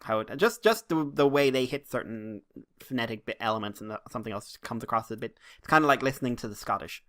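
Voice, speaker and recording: A man's voice: medium pitch, lively intonation, fast, fairly bright tone. An Irish man co-hosting a casual podcast chat. He rambles and rants, with plenty of swearing dropped in along the way. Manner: rambling, ranting, swears freely. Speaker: podcast co-host.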